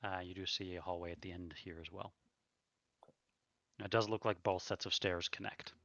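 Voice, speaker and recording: A man's voice: low-pitched, steady tone, normal speed, bright, forceful tone, dry recording, highs cut off. A man running a tabletop game as game master, with a hesitant way of talking and many fillers.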